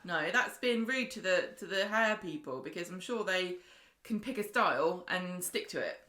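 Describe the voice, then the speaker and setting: A woman's voice: on the low side, lively intonation, moderate pace, pushed and bright. A woman co-hosting a podcast in casual chat, teasing and opinionated. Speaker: podcast co-host.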